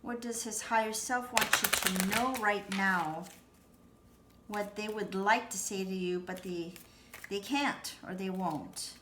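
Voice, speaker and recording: A tarot reader with a mid-range voice speaks slowly, giving her viewers at home a casual, reassuring reading full of "you know" and "you guys." The room is echoey and the background is noisy.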